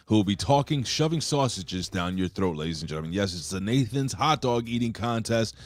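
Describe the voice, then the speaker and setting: A podcast co-host with a lowish voice and lively intonation talks fairly quickly on a casual wrestling review show, rambling loosely, cursing freely and using lots of fillers. There's no echo, and faint music plays behind him.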